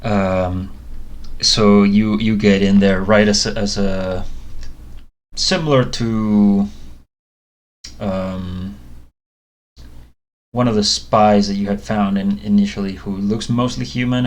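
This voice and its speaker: Slow, halting male game master. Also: on the low side. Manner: slow and halting, many ums and uhs. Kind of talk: narrating a tabletop game.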